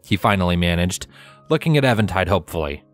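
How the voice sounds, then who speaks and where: A man narrating a fanfiction story aloud in steady storytelling style, acting out the dialogue. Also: low voice, fast talker, soft background music. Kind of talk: fanfiction reading.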